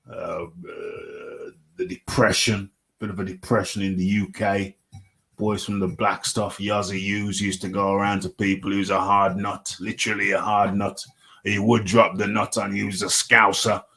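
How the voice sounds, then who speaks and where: Rambling, low-voiced man host. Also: fairly bright tone. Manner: rambling, repeats phrases, chuckles often. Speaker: host of a combat sports radio show. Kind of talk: casual solo fight recap.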